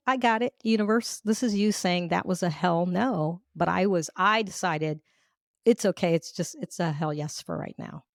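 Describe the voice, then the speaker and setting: A woman leadership coach of Cuban heritage, a guest on an interview, telling personal stories in an animated way and acting out her own thoughts. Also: lowish voice, vocal fry, no echo, studio quality. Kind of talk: storytelling in an interview.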